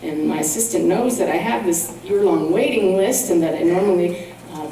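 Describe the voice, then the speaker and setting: A woman's voice: fairly low pitch, moderate pace, far from the mic, a crowd in the background. Middle-aged woman storytelling in an echoey hall. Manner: earnest, storytelling. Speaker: guest speaker and medium. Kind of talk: storytelling talk to a congregation. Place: large hall at a spiritual centre.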